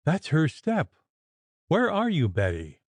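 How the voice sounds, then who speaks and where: A man's voice: huge pitch swings, takes it slowly, no echo, heavily acted. A man doing a shrieking, delirious terrified woman. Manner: shrill frantic crying out.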